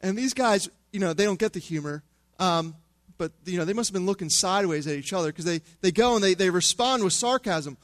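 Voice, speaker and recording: A male pastor preaching a sermon in a conversational, humorous way that drops to a hushed tone for emphasis. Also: high voice, brisk, dry recording.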